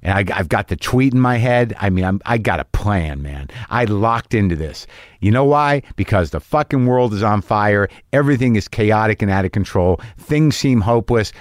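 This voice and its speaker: A man's voice: on the low side, no echo, clean studio sound. A middle-aged man telling a stand-up story, rambling and self-mocking, swearing freely and acting out his own asides. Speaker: comedian.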